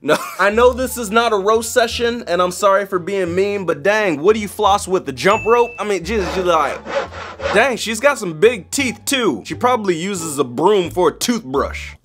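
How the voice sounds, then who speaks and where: High, lively man doing jokey reactions. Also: normal speed, noisy background. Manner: animated, joking, exclamatory. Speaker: YouTube host. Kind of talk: reaction commentary.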